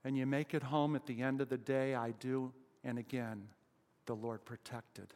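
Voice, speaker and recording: A man preaching a sermon as pastor, emphatic, with loud rising exclamations and questions put to the congregation. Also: mid-range voice, level tone, moderate pace. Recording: long hall reverb.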